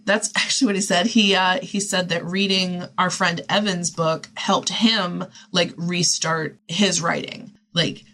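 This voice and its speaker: Candid, rambling woman podcast host, lowish voice. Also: slow pace, fairly bright tone. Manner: rambling, heavy use of "like" and restarts; candid and self-deprecating. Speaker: podcast host and writing coach. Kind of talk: casual solo podcast monologue.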